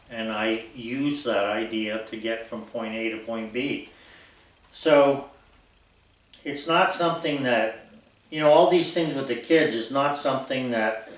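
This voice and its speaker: An American man in his sixties, a vlogger, lectures his viewers in an unscripted, rambling monologue, speaking bluntly in a medium-pitched, slightly bright voice. The recording sounds distant, with the mic far off in a very echoey room.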